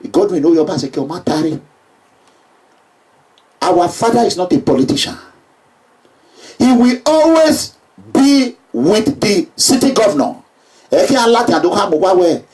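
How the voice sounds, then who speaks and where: A Nigerian man giving an emphatic public address, repeating himself and breaking into shouts. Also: high voice, distant mic. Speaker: political speaker.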